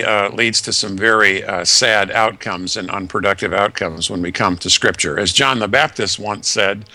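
A man explains Scripture in an earnest, measured way, stacking lists and rhetorical questions. His voice is bright and forward. The sound is dry and close, with no room around it. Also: medium pitch, no room sound. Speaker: Bible teacher guest. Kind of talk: conversational Bible teaching.

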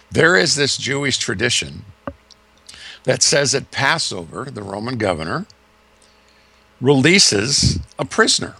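A man's voice: medium pitch, very animated, a little slow, creaky, pauses often, sharp tone, slightly rough, dry recording. A man preaching a sermon, retelling a story vividly with dramatic shifts in emphasis.

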